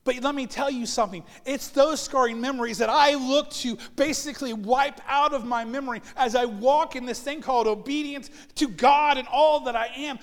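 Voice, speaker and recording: A man's voice: extremely high pitch, long reverb tail. A man preaching a sermon as pastor, telling personal stories and acting out the voices of people he quotes. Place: church sanctuary.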